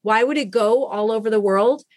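A woman guest on a podcast, telling stories in an earnest, animated way about the work she does. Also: fairly high pitch, moderate pace. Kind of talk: enthusiastic interview talk.

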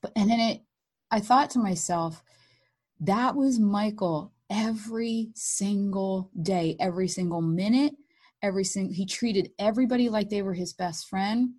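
A woman speaking in an ordinary middle register tells her own story as an interview guest. She is animated and candid and slips into other people's voices when quoting them. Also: mid-range voice, moderate pace. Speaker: guest, mother of blind sons.

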